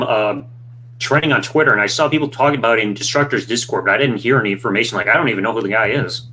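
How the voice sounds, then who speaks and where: A man's voice: on the low side, very fast, sharp tone, slight background noise. A man from Michigan chatting casually and offhandedly as a co-host. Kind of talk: casual chat.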